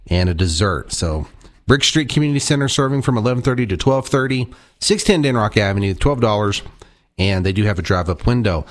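A man's voice: mid-range voice, no room sound, studio quality. Chatty man hosting local radio. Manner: chatty, rambling, self-correcting. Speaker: radio show host. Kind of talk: casual radio talk. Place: radio studio.

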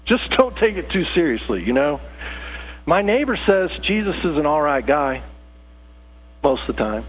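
Husky-voiced man preaching casually. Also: a little high, sing-song, normal speed, rough recording. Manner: earnest, casual, rising emphasis. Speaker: pastor. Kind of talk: conversational sermon.

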